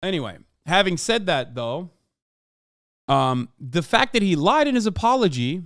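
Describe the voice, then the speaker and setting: A man's voice: mid-range voice, fairly bright tone, clear, resonant tone, dry recording, studio quality. A man in his thirties streaming from home, giving casual opinionated commentary that is profane, emphatic and rambling with fillers. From United States. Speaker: streamer reacting to clips.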